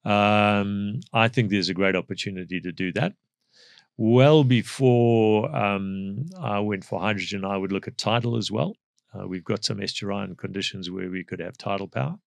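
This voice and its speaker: A middle-aged South African man, interviewed on a podcast as an energy expert, explains things in a measured way with frequent fillers. His voice is on the low side, creaky and a bit bright, with no room sound.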